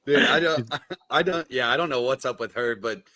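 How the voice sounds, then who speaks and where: A man's voice: mid-range voice, normal speed, bright, forceful tone. A young man co-hosting a podcast, laughing along and echoing others in crude banter. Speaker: podcast co-host.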